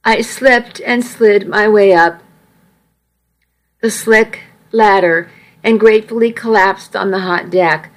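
A woman's voice: mid-range voice, slow pace, poor audio. A woman reading a first-person story aloud, wry and self-mocking in her delivery. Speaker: audiobook narrator.

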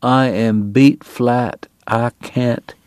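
A man's voice: mid-range voice, very animated, unhurried, warm tone, no echo, studio quality. A man voicing a sick, exhausted young frontier gambler who mumbles wearily and peevishly. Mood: weary.

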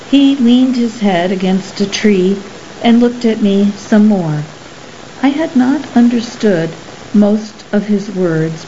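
Slow, mellow woman narrating. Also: mid-range voice. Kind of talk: scripted narration. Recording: slightly muffled with faint hiss.

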